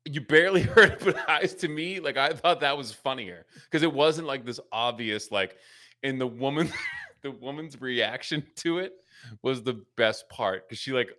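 A man's voice: mid-range voice, expressive, normal speed, sharp tone. A man co-hosting a casual comedy podcast, talking loosely with lots of "like" and chiming in on his partner's points. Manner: chatty, filler-heavy, laughs along. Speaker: podcast co-host.

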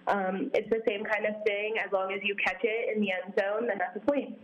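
A woman's voice: medium pitch, level tone, a little fast, highs cut off. A young woman from Vermont, a guest in a casual interview, speaking cheerfully with frequent ums. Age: young adult.

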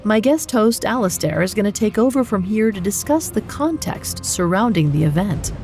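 A woman hosting a podcast, telling a grim history in measured, scripted narration. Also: mid-range voice, lively intonation, a little mellow, soft background music. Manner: measured, grave storytelling. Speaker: podcast host.

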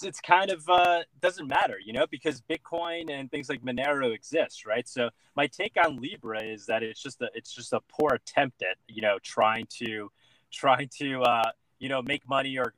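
A political candidate, speaking as a guest in a casual interview chat, earnestly makes his case with many fillers and repeated words. His mid-range voice is a bit bright, and the low-quality recording has no room sound.

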